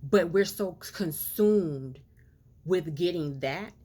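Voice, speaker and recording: A woman's voice: lowish voice, slow pace, dark tone. A woman giving an impassioned monologue to camera, earnest and preachy, piling up rhetorical questions and stretching out words for emphasis. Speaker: social commentator.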